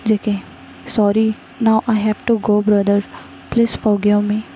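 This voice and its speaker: A woman's voice: medium pitch, little pitch movement, unhurried, dark tone, a little hiss or hum, natural voice, low-quality recording. Woman reading J K, a heartbroken young man. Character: young man, heartbroken then determined lover. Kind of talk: fan fiction story reading.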